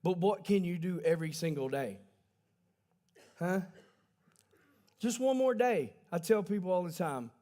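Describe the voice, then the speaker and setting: A man delivers a livestreamed church sermon as folksy, conversational storytelling. He stops to correct himself along the way. His voice sits somewhat high for a man. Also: animated, normal speed, long pauses, darkish tone. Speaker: pastor.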